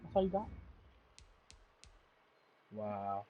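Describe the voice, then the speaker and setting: A man's voice: fairly low pitch, very animated, drawn-out words, phone-quality sound, slight background noise. A man streaming a console game live, chatting casually with blunt, profane, exasperated trash talk.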